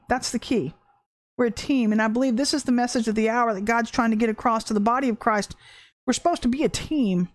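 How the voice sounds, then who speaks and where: A middle-aged woman giving a casual spoken sermon, an animated storyteller who laughs often and acts out quotes. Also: on the high side, no echo, clean studio sound. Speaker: Christian ministry teacher.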